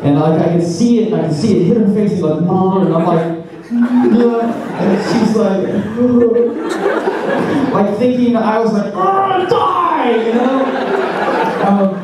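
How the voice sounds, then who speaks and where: A man in his thirties from the American South tells a story to a crowd at a convention. He speaks in an animated way, with bursts of laughter. The mic sits far from him in a big, very echoey hall with clear background noise. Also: sits high, unhurried. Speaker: convention panel guest. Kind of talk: storytelling to an audience.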